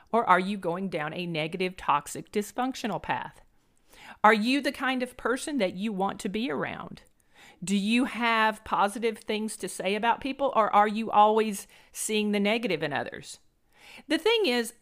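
A woman's voice: medium pitch, a bit bright. A middle-aged woman hosting a podcast, giving an earnest motivational monologue and repeating phrases for emphasis. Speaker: podcast host.

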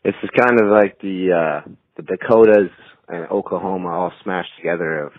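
A man from Canada leaving a voicemail for a podcast, speaking in a halting, earnest way over a tinny phone line. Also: deep voice, steady tone, no echo. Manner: halting and earnest, with pauses and fillers. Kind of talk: heartfelt voicemail message.

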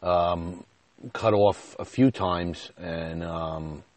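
A man hosting his own podcast, telling a rambling, self-deprecating story full of "you know," his voice jumping up and getting loud when he retells an argument. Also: deep voice, steady tone, drawn-out words, dry recording. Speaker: podcast host. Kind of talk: casual storytelling monologue. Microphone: podcast mic.

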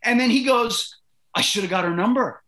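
A middle-aged man from Canada spins an animated, swearing anecdote and voices every character himself. His voice sits high and sounds bright and forceful. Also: normal speed. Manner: animated, profane, acts out quoted voices. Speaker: guest. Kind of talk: storytelling in casual interview.

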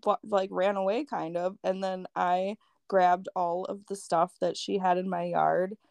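A woman's voice: fairly low pitch, little pitch movement, measured pace, creaky, a little mellow, no echo. A woman with a lilt tells a long, profane story in loose podcast chat. She jumps into other people's voices as she goes, and the sound is close and dry. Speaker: podcast guest. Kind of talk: casual storytelling.

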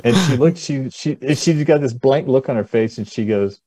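A man with a mellow, dark voice talks as a podcast guest, blunt and quick to chuckle. He goes through figures in a casual, offhand way. The recording is dry and close. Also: mid-range voice, animated, no echo. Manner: chuckles often, blunt, walks through charts. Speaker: guest financial expert.

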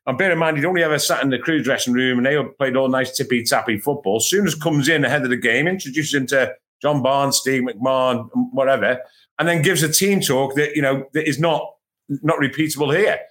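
A middle-aged man from England, a podcast co-host telling football anecdotes in a lively, stumbling chat. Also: mid-range voice, fairly quick. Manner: anecdotal, animated, lots of restarts. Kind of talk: casual chat, storytelling.

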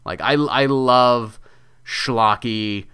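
Guest, male writer: bright, crisp voice, animated and jokey in a casual interview. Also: mid-range voice, drawn-out words. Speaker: video game writer, guest.

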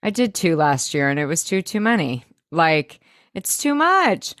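A woman's voice: on the low side, sing-song, a little slow, a bit bright, dry recording, studio quality. A woman co-hosting a podcast, recapping an episode in a casual, wry, offhand way. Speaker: podcast co-host.

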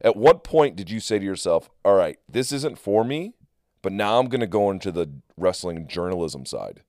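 A man's voice: low-pitched, expressive, moderate pace, darkish tone, no room sound, studio quality. A man hosting a podcast, asking a guest follow-up questions in casual chat. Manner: short affirmations, follow-up questions. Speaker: podcast host. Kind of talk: casual interview.

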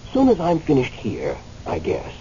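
Recently dead man, radio drama, hesitant, impassioned, animated pitch, faint hiss. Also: normal speed, highs cut off. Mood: earnest, agitated. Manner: hesitant, stammering, then impassioned. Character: newly dead man, angry, pleading.

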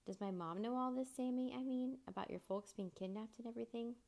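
Woman reading as friendly kid, casual, a bit higher than her own raspy low voice. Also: fairly quick, a little mellow. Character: friendly boy, a kid detective.

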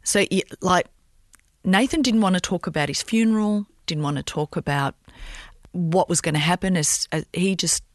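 A middle-aged woman, a mother, recounting a painful memory in an interview, halting and emotional, often restarting her sentences. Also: on the low side, no echo. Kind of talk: personal storytelling in an interview.

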